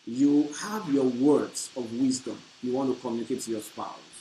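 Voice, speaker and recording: A man preaching a teaching on marriage, with an emphatic delivery that swells into loud bursts. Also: mid-range voice, normal speed. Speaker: pastor. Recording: echoey room with faint hiss.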